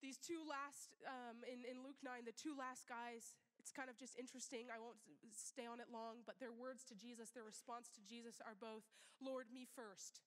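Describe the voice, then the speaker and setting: A woman's voice: on the high side, level tone, normal speed, few pauses, a bit bright, in a large hall. A woman missionary preaching a sermon in a church meeting room, earnest and emphatic, repeating key phrases, sniffling as she speaks.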